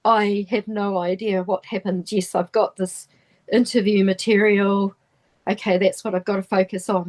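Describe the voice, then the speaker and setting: Halting New Zealand woman telling a story. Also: mid-range voice, little pitch movement, darkish tone. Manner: halting, full of restarts and trailing phrases. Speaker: guest. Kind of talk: personal storytelling in an interview.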